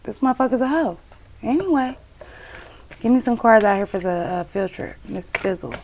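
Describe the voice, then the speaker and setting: A woman's voice: fairly high pitch, animated, moderate pace, noisy background. A woman giving a casual tarot reading, blunt and profane, scolding and emphatic. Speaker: tarot reader.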